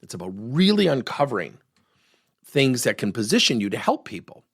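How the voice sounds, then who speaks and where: A middle-aged man, a workplace coach, teaching through an animated story and acting out the voices of the people in it. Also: medium pitch, moderate pace, husky, dry recording, clean studio sound. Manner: animated, acts out the voices in his stories.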